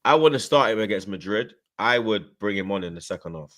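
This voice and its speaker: A man, hosting a casual football chat in slangy, animated talk. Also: on the low side, brisk. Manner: slangy, animated, swears freely. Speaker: host.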